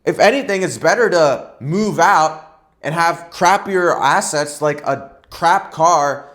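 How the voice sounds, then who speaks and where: A young man talks straight to camera as a dating coach, in a slightly high voice. He is blunt and emphatic, listing problems in quick runs and ending his points with "right?" or "all right?". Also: fairly bright tone. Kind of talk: direct-to-camera advice vlog.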